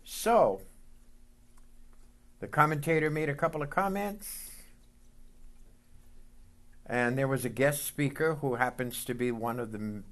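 A man preaching a sermon as pastor, leading call-and-response lines and reading scripture slowly and deliberately. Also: mid-range voice.

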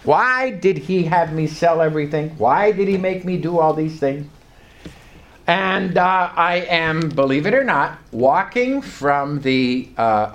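An older man preaching a folksy, emphatic sermon, reading scripture aloud and slowing down to stress key words. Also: a little high.

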